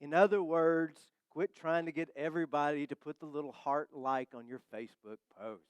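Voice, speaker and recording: A male pastor preaching a sermon in a church, conversational and humorous, slowing down to stress key phrases. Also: a little high, steady tone, smooth, dry recording. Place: church sanctuary.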